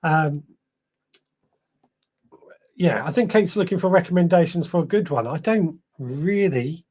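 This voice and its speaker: A man's voice: a little high, measured pace, darkish tone. A man hosting a podcast live stream, reading out viewer comments in a rambling, chatty way, a little tired. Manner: chatty, rambling, self-correcting. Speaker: podcast host.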